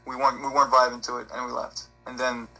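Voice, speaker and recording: A man's voice: mid-range voice, completely flat delivery, quick pace, creaky, bright, forceful tone, soft background music, low-quality recording. A man in casual chat, cutting in to correct a friend's story.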